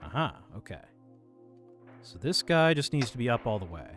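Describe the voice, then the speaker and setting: Male streamer, mid-pitched, animated delivery, mutters and swears at a puzzle. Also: normal speed. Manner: mutters self-calming mantras, swears in frustration. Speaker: game streamer. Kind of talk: live game commentary. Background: faint game music.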